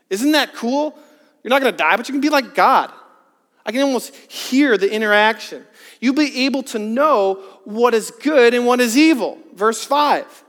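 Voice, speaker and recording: A man with a strikingly high voice delivers an earnest sermon. He drops to hushed, slow emphasis, then presses with emphatic rhetorical questions. His voice rings out with a long reverb in a large church hall. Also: lively intonation. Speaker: preacher.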